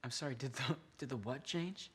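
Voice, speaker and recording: An actor playing a mocking, condescending boss in a scripted drama. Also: male voice, medium pitch, fairly quick, fairly bright tone, husky.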